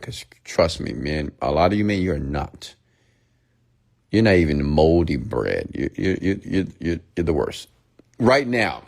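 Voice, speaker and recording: Man, very deep voice, blunt lecturing monologue, hushed near-whispered asides. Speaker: motivational speaker.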